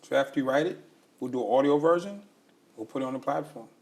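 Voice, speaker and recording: A man's voice: mid-range voice, fast talker, darkish tone. A man hosts a podcast in a conversational way, with a mid-range voice. He cheers his guest on with upbeat encouragement. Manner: encouraging, hype-man energy. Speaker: podcast host. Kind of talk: conversational interview.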